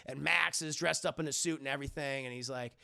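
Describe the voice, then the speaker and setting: A young man recapping a movie for his live-stream chat in an animated, profane way, acting out the characters' lines. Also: medium pitch, quick pace, vocal fry.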